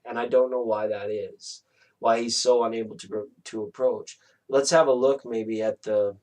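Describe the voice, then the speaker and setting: A man talks through a tarot reading in an easy, casual way. His voice sits at an ordinary middle pitch. He wanders and reflects as he goes and often softens things with gentle apologies. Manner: meandering and reflective, softly apologetic. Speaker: tarot reader.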